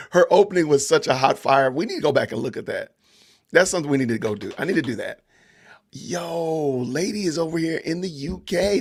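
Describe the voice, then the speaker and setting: A man's voice: on the high side, gravelly, breathy edge. A man hosting a live-stream podcast, commenting on a trial with emphatic repetition and reading out greetings from chat viewers. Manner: emphatic, repeats himself for stress. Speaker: podcast host.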